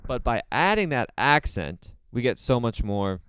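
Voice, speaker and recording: A man giving a casual drum lesson in a relaxed way, with plenty of fillers and repeated phrases. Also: mid-range voice, measured pace. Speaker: drum teacher. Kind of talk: casual instructional talk.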